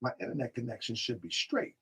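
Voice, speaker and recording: A man's voice: medium pitch, big pitch swings, fast talker, bright, forceful tone, husky. A man hosting a live stream, chatting casually, reading out viewer comments and often repeating himself. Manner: talks to chat directly, repeats himself, drifts off mic.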